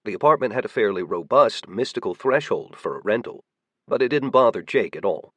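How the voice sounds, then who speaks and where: A man giving steady, measured audiobook narration. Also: fairly low pitch, no room sound, lo-fi sound.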